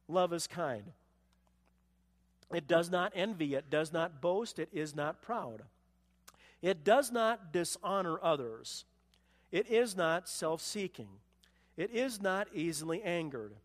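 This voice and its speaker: A man's voice: sits high, big-room sound. A man preaching a sermon, quoting scripture and telling stories with rising emphasis. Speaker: pastor.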